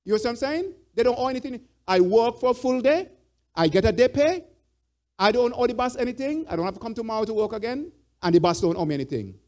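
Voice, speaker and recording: A man's voice: extremely high pitch, animated, fast talker, darkish tone. A church elder teaching a Bible study. He repeats his points and prompts the group with fill-in "what?" questions.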